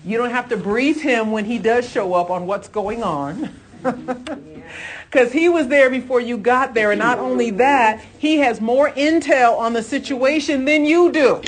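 A woman's voice: on the high side, a little slow. A woman teaching a church Bible lesson in a fervent, emphatic way. She talks conversationally, with asides and restarts, and breaks in with exclamations of praise. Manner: fervent, emphatic, exclaims "Hallelujah" between points.

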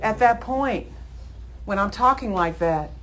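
A woman preacher giving a Sunday sermon, emphatic, acting out heated prayers and then settling into calm teaching. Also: mid-range voice, measured pace, slight background noise. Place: church service.

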